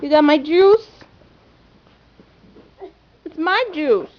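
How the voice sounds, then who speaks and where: A woman's voice: sits high, animated, drawn-out words. A mother playfully teasing her young kids at home, recorded on a home video camera. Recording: dull lo-fi camcorder audio with faint hiss.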